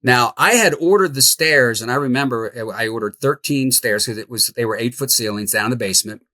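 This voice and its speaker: Middle-aged man telling a lively story. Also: mid-range voice, fairly quick, no room sound. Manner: animated, laughs through the tale. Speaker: podcast guest, house flipper. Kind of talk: storytelling in an interview.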